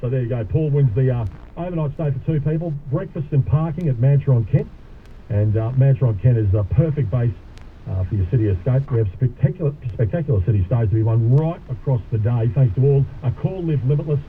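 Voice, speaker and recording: Brief: male talk radio host, matey, mid pitch, tinny broadcast. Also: brisk, slight background noise. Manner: chatty, matey, casual Australian radio banter.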